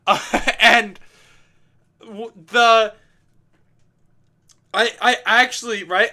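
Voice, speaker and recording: A young man giving a casual commentary over his own gameplay video, laughing, swearing and poking fun at himself. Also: sits high. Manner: animated, laughing, swearing, self-mocking. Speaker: commentary host.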